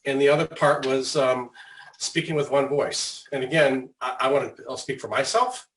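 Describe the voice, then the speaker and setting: A man's voice: mid-range voice, moderate pace, a bit bright, a little hiss or hum, rough recording. A man on a school board making reflective, hesitant remarks with many fillers and restarts.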